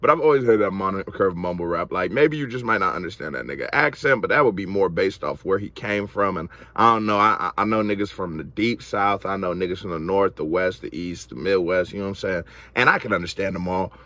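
A man's voice: deep voice, fairly quick, hardly any pauses, bright, forceful tone, no echo. A man casually reacting to rap videos, talking in a loose, slangy, rambling way with many restarts.

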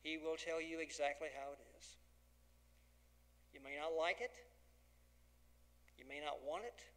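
A man's voice: on the high side, steady tone, measured pace, a bit bright. A man preaching a folksy, dramatic sermon as pastor, acting out the dialogue of the scripture.

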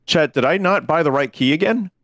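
An excitable man streaming a game, talking to his chat and his friends. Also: on the high side, brisk, no echo, studio quality. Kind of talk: casual gaming chat.

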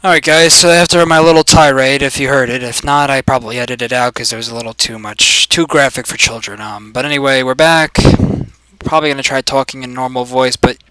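A young man giving casual gameplay commentary, swearing and joking, swinging between loud excitement and mumbling asides. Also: mid-range voice, fairly quick, clear, resonant tone, no echo, rough recording. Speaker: video game commentator.

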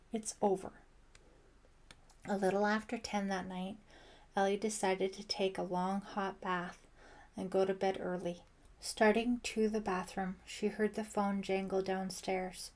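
Woman reading an audiobook, slow and even, medium voice. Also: mid-range voice. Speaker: audiobook narrator. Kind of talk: scripted narration.

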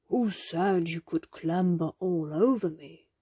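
A woman voicing a kindly male bronze lion in a picture-book reading, with a gentle, playful manner. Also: lowish voice, slow, breathy edge, dry recording, studio quality, full character voice. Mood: indignant.

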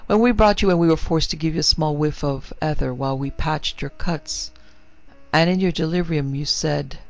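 A man doing French doctor, calm, precise, courtly, French accent, creaky, dry close sound. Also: on the high side, no room sound. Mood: soothing. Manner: soft, measured and courtly. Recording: dry, slightly muffled recording.

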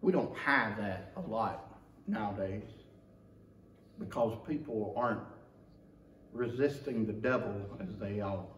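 A man preaching a sermon as pastor in a church, passionate, swinging between loud outcries and low, quiet stretches. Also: takes it slowly, long pauses, slight background noise. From Georgia, USA. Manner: impassioned preaching with big swings of pitch and volume. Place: church sanctuary. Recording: echoey church from the mic's distance.

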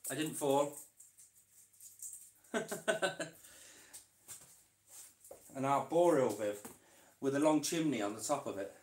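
A man's voice: mid-range voice, distant mic. Male vlogger, casual rambling chat mid-task, recorded off-mic in an echoey room. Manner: rambling, chatty, talks to his animals while working. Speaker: reptile keeper vlogger. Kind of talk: casual vlog chat while working. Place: indoor reptile room. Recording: roomy sound, away from mic.

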